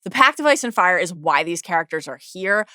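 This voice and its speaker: Bright animated woman podcast co-host. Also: lowish voice, no echo, studio quality. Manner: playful teasing, quick agreement. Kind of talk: casual chat.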